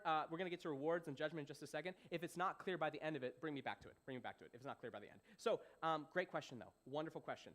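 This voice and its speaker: A young man teaching a Bible passage as a young adults pastor, conversational and animated, often repeating himself and checking if listeners follow. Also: on the high side. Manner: animated, repeats phrases, asks "does that make sense".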